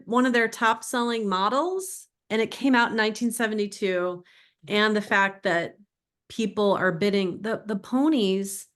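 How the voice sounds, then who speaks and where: A middle-aged woman author with a mid-range, fairly bright voice gives an informal talk about her book to an audience. She's chatty and digressive, growing emotional as she tells stories.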